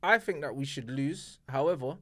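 A man's voice: medium pitch, moderate pace, pushed and bright, no room sound. A young man, chatting easily about school and football as a podcast host. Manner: laid-back, slangy, laughs along. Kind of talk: casual banter.

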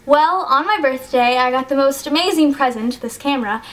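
A woman's voice: high-pitched, moderate pace, fairly bright tone. A teenage girl chatting in a casual vlog, rambling and hesitant with many fillers, choked up and sniffly. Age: teens. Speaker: YouTuber.

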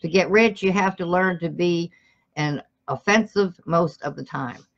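Low-voiced woman reading aloud. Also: unhurried, vocal fry, lo-fi sound. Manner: reads with stumbles and self-corrections, breaks off to talk to listeners. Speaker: motivational reader. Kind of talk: reading a self-help book aloud with personal asides.

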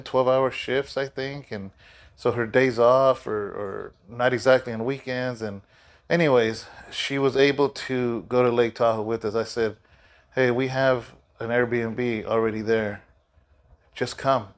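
A middle-aged pastor with a mid-range voice gives a casual devotional talk, rambling loosely with lots of fillers and restarts while sounding sleepy and yawning.

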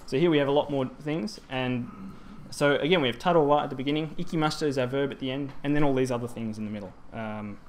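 At a conference, a presenter covers Japanese grammar in a presentation hall, speaking fast with few pauses in a mid-range voice. He breaks things down step by step, often stumbling into ums and restarts, and a slight hiss or hum can be heard.

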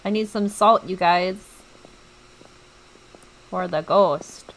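A woman's voice: lowish voice, slow pace, a little hiss or hum, rough recording. A young woman streaming a game, chatting to her viewers and reacting jumpily as she plays. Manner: chatty, jumpy, talks to viewers while playing. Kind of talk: let's play commentary.

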